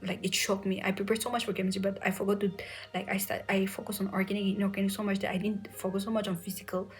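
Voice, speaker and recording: A young woman telling an emotional personal story, softly and often near a whisper, tearful at times, with many fillers. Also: mid-range voice, little pitch movement, fast talker, low-quality recording. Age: young adult. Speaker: medical entrance exam aspirant sharing her story.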